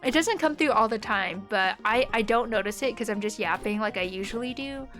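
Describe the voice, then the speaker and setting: A woman's voice: fairly high pitch, fairly quick, a bit bright, faint music behind. A young woman from the United States with a neutral American accent, chatting casually with viewers while she plays a game, rambling with lots of fillers. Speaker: streamer.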